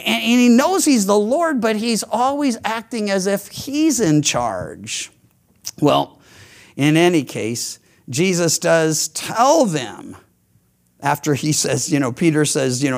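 A high-voiced man preaches a sermon. He tells the story with animated, acted-out quotes and often restarts his sentences. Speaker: pastor.

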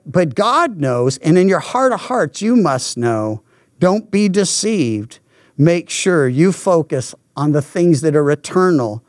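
An older man preaching a sermon in an emphatic, deliberate way, a pastor teaching from Scripture. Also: high voice, darkish tone, dry recording, studio quality.

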